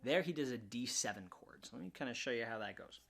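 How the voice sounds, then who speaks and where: A man teaching ukulele in a relaxed, casual way, often restarting his words and counting beats aloud. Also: medium pitch, fast, gravelly. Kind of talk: casual instructional talk. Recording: ukulele music under voice. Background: ukulele playing.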